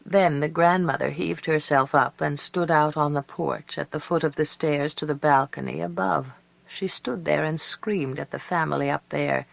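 A storyteller reading a story aloud in a measured way, slowing down for emphasis. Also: mid-range voice, fairly even intonation, gravelly, dry recording, dull audio. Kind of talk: scripted narration of a story.

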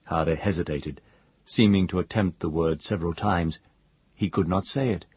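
Man, audiobook narrator, measured storytelling, very husky voice, dry close sound. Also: deep voice, no room sound. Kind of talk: scripted narration.

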